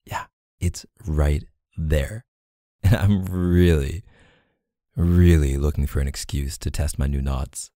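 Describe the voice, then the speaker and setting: A man in a whispered role-play as a teasing, playful, dominant boyfriend, speaking softly into a close mic. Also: extremely low pitch, steady tone, takes it slowly, dry recording.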